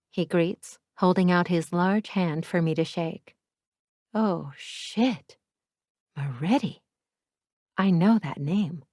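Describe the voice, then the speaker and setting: A woman's voice: fairly low pitch, takes it slowly, warm tone, dry recording, clean studio sound. A woman narrating a romance audiobook in the first person, candid and wryly self-deprecating.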